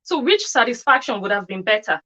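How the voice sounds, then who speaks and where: A woman's voice: a little high, very animated, brisk, pushed and bright. Scornful woman vlogger, lo-fi sound. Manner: scornful, rhetorical questions. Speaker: commentary vlogger. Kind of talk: opinionated commentary monologue.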